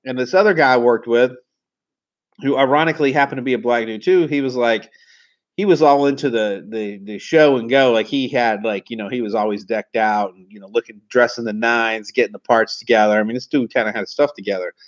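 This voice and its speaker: A man, telling car sales stories in a casual, animated, slangy way. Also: mid-range voice, a little fast. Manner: animated, slangy, acts out quoted voices. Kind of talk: casual storytelling. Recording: slightly dull lo-fi audio.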